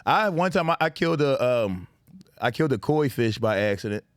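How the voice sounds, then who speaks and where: A man's voice: medium pitch, a little fast, dry recording, studio quality. A man in his thirties co-hosting a casual chat, telling stories with lots of swearing, laughter and voices for the people in them. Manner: animated, swears a lot, laughs often, acts out voices in stories. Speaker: podcast co-host.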